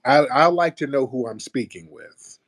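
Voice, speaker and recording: A man hosting a call-in radio show, ranting forcefully and arguing with callers. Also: moderate pace. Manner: forceful, combative, mocks callers in a high put-on voice. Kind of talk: heated call-in commentary.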